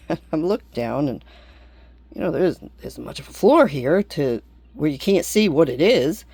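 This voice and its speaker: A woman vlogger rambles at an unhurried, drawn-out pace, blunt and quick to swear. Her voice sits close and dry, with almost no room sound around it. She laughs easily between thoughts. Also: low-pitched, big pitch swings, vocal fry, mellow, husky, no echo. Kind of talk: casual rambling monologue.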